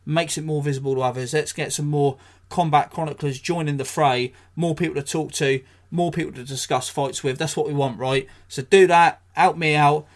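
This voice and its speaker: A man's voice: on the high side, fairly even intonation, a little fast. English guy doing his solo podcast, swears a lot, blunt rants, dry jokes. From England. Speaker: podcast host.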